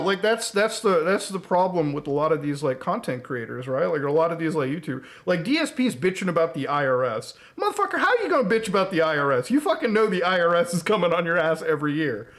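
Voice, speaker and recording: High, lively-voiced ranting male streamer. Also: fast talker, hardly any pauses. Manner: profane, exasperated ranting with mocking outbursts. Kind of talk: casual livestream rant.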